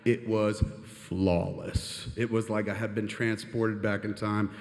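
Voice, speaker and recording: A man telling a long, animated anecdote on stage, rambling and swearing as he goes. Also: lowish voice, slow, gravelly. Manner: animated, profane, rambling with "and shit". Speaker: storyteller on stage. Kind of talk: live storytelling monologue. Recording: long reverb of a live hall.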